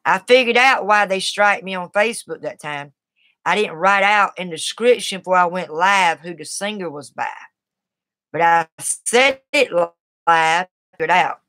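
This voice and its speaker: A woman's voice: on the low side, normal speed, bright, forceful tone, no room sound. Chatty Southern woman live-streaming. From Southern United States. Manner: rambling, folksy, reacts to chat. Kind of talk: casual live-stream chat.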